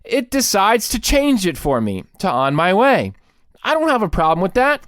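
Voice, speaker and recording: A man's voice: sits high, big pitch swings, normal speed, a bit bright, dry recording, studio quality. A man hosting a podcast, delivering a comic rant with exaggerated mock panic. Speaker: podcast host.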